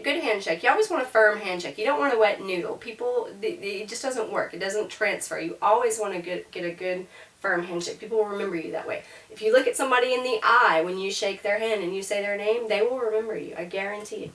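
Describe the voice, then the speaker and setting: A woman's voice: mid-range voice, fairly bright tone. Woman language teacher, upbeat and patient, recorded from a distance in a roomy space. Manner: upbeat, explains step by step with demonstrations. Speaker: French teacher. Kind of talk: casual classroom lesson.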